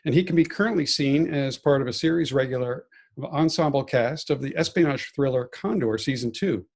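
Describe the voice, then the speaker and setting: A man co-hosting a podcast who tells easygoing workplace and audition stories at a relaxed, unhurried pace. His pitch sits in the everyday middle range for a man. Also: creaky. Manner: relaxed anecdotal storyteller. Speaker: podcast co-host. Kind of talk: casual chat.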